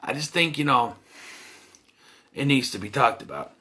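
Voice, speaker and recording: Casting: man, bright forward tone, loose rambling reviewer with lots of ums. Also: medium pitch, expressive, moderate pace, husky. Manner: rambling, many fillers and restarts. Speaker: movie reviewer.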